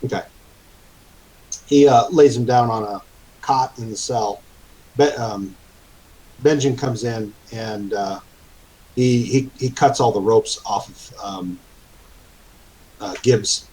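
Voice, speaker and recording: Husky game master, halting narration. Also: male voice, medium pitch, a little mellow, low-quality recording. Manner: halting, filler-heavy narration.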